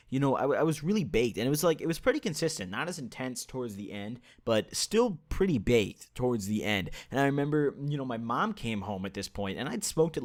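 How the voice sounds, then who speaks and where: A young man vlogging a casual storytime, rambling and profane, with lots of fillers and sudden swings in loudness. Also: mid-range voice.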